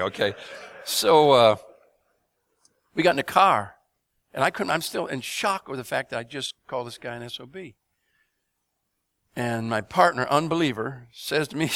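The recording is dry, and the middle-aged man's voice is a little high as he preaches fairly quickly. He tells his testimony as lively stories, laughing and asking the audience questions.

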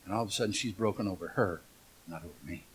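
A man's voice: deep voice, fast, husky. A middle-aged man preaching a humorous storytelling sermon, folksy and joking, asking the congregation questions.

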